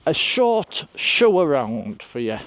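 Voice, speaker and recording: A man's voice: a little high, sing-song, slow pace, a bit bright, no room sound. Older man chatting on a moorland hike. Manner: chatty, rambling, self-deprecating, addresses viewers directly. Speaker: hiking vlogger. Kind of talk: casual walk-and-talk vlog. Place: outdoors on open moorland, windy hilltop.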